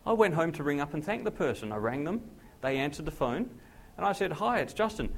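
A man, a pastor telling a personal testimony in a sermon, acting out the dialogue with lively jumps in his voice. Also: fairly quick. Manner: animated storyteller who acts out dialogue with big pitch jumps.

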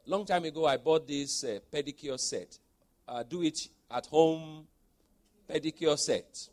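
Fortyish guy preaching, kinda high voice, goes quiet telling stories then gets loud. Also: unhurried. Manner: animated, swings from soft storytelling to loud exhortation. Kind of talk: sermon with personal storytelling.

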